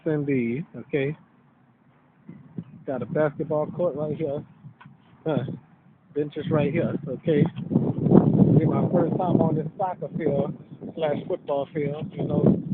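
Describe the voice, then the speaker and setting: A man giving a rambling walking tour of a park sports field, out of breath and repeating himself. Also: on the high side. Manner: rambling, repeats words, many fillers. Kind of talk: casual walking vlog narration. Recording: tinny lo-fi phone-like audio with loud noise.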